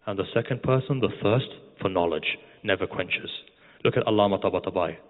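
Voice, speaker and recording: A man's voice: sits low, fairly quick. A male preacher giving a mourning sermon, speaking directly to the congregation and guiding them through an imagined scene. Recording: tinny, phone-like sound with long hall reverb.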